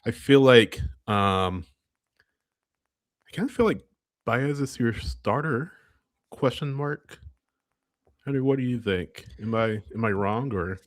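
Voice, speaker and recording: A man's voice: medium pitch, animated, takes it slowly, long pauses, no echo, studio quality. A man co-hosting a casual sports podcast, chatty and laughing often, correcting himself as he goes. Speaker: podcast co-host. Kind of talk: casual chat.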